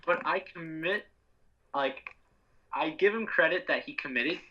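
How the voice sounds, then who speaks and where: A man's voice: on the high side, measured pace, bright, forceful tone. A man arguing his opinions about superhero movies in a casual podcast chat. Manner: opinionated, argues his points. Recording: muffled lo-fi sound.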